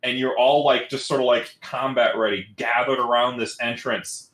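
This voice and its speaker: A man acting as dungeon master, narrating a tabletop game in a loose, rambling way. His voice sits at an ordinary pitch and carries a roomy echo, as if recorded on a home mic. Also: fairly even intonation, moderate pace, fairly bright tone.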